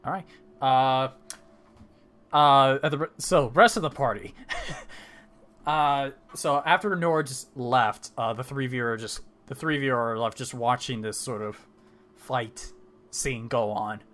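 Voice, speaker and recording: A man's voice: mid-range voice, a little slow. A man running a tabletop game as dungeon master, narrating with lots of fillers and frequent laughter. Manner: animated, laughs often, filler-heavy.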